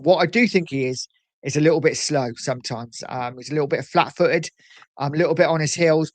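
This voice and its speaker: Bloke chatting on his live stream, bit higher voice, dry close sound, lots of ums. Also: no room sound. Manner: chatty, animated, reads out comments, frequent ums. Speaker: livestream host reading chat. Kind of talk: casual live chat.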